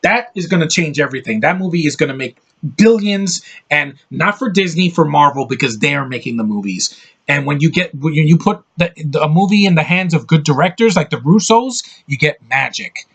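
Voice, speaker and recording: Husky man in an angry movie rant. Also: a little high, lively intonation, fairly quick, a bit bright, muffled recording. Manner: heated, profane, blunt ranting. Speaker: online movie reviewer.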